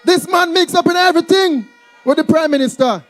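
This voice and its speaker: A man's voice: extremely high pitch, a little fast, a bit bright, slight background noise. A Jamaican man speaking at a campaign rally, rousing the crowd as comrades and introducing the candidate.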